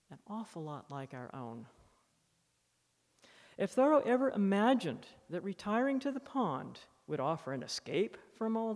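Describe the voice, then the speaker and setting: A woman author giving a public lecture, reading from her book with expressive, animated emphasis at a podium microphone. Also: lowish voice. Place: lecture hall in a library museum. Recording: long reverb of a lecture hall.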